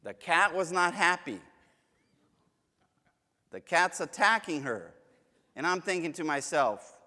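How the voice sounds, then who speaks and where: A man teaching a church Bible class, chatty and joking as he tells stories from home. His voice sits a bit high for a man. The long reverb of a church hall hangs behind him. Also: big pitch swings, takes it slowly, pauses often, bright, forceful tone. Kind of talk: casual church lesson with anecdotes.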